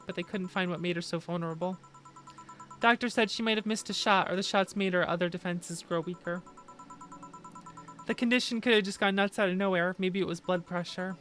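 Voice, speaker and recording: A woman's voice: on the low side, a bit bright, close to an everyday voice. A woman voicing a weary, sardonic young woman bartender who speaks bluntly and swears when upset. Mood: regretful.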